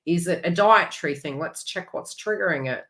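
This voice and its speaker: A woman giving a chatty, rambling astrology reading with animated asides. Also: on the low side, moderate pace. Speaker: astrology reader. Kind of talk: casual astrology forecast.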